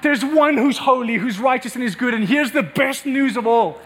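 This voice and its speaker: Male pastor, very high voice, fervent repetitive sermon delivery, swells to near-shouting. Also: normal speed, slight background noise.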